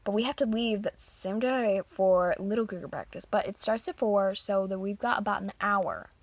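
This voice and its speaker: Giggly breathy teen girl rambling. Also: mid-range voice, normal speed, no room sound. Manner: giggly, rambling, animated storytelling. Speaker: vlogger. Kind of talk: casual chat.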